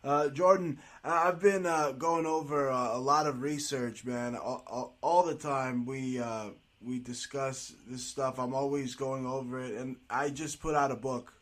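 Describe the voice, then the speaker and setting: A man hosting a casual conversation, agreeing emphatically and filling pauses with "uh". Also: mid-range voice, fairly even intonation, a bit bright. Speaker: talk show host. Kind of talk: casual radio-style conversation.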